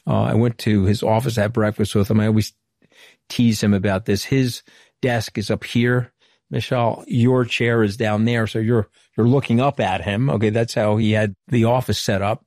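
Low-voiced man telling candid stories. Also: fairly even intonation, normal speed, a little mellow, no room sound, studio quality. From Long Island, New York. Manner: earnest, anecdotal, retells conversations at length. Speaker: former political communications director. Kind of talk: candid interview storytelling.

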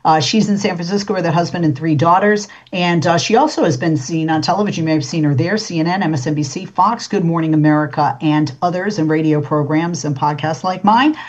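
A radio talk show host chats casually with a guest, her low-pitched voice a little fast with hardly any pauses. She fills her speech with "uh" and "you know," and the recording sounds dull and lo-fi.

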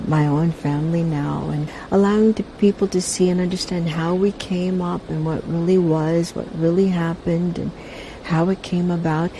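A middle-aged woman answers interview questions in a soft, mellow, low-set voice. She talks haltingly and circles back on her words. A faint ambient hiss sits under the recording. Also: rough recording. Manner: soft, halting, repeats words while searching for them. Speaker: interview guest, veteran entertainer. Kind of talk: casual interview conversation.

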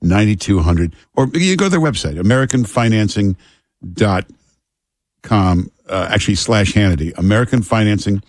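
A man hosting a talk radio show, chatting casually and reading ads in a relaxed, unhurried way. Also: on the low side, no echo, studio quality. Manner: relaxed, unhurried, filler-heavy. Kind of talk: casual talk radio chat and live ad reads.

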